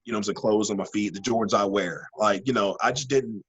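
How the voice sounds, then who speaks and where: A man being interviewed as a wrestling guest, an animated storyteller who rambles with many fillers and restarts. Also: on the low side, a little fast, slightly rough, rough recording. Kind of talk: casual interview chat.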